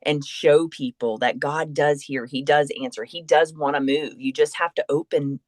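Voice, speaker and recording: Low-voiced woman telling a faith story. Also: moderate pace, no room sound. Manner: animated storyteller, acts out quoted voices. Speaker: podcast guest. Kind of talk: casual faith conversation.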